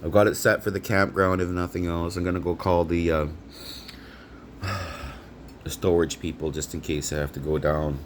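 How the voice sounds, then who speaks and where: Deep-voiced man ranting profanely. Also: level tone, normal speed, a little hiss or hum. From Canada. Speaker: vlogger. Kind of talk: rambling monologue to camera.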